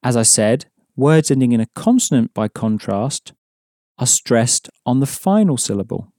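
A man's voice: mid-range voice, sing-song, normal speed, mellow, no echo, studio quality. A man teaching an audio language course, explaining patiently and prompting the listener to answer.

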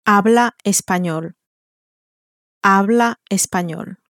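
A woman's voice: medium pitch, takes it slowly, no echo, studio quality. A woman in an audio language lesson, modeling each answer by saying it twice. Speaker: native speaker modeling answers.

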